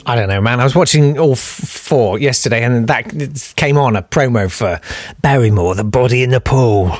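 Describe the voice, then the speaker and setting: A man's voice: mid-range voice, normal speed, faint music behind. A man hosting a podcast, delivering a sarcastic, ranting comic monologue to his listeners. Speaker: podcast host.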